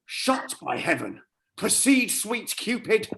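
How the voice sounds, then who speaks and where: An actor playing a lovesick young courtier who mocks himself in exclamatory bursts, in a live-streamed Shakespeare reading. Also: male voice, high voice, sing-song, slow, creaky, background noise, full character voice. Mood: teasing. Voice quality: self-mocking, exclamatory. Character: lovesick young male courtier, wry and exasperated.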